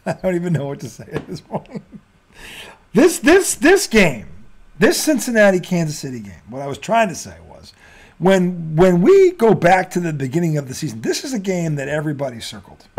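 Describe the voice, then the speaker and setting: A man hosting a sports talk show, ranting and swearing freely in a casual debate and laughing often. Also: fairly high pitch. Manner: profane, ranting, quick to laugh.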